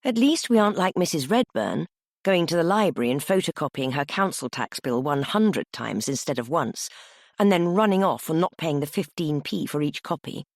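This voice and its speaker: A woman's voice: sits low, animated, moderate pace, no echo, clean studio sound. A woman voicing a chatty, irreverent dinner lady in her sixties who speaks in a matter-of-fact way.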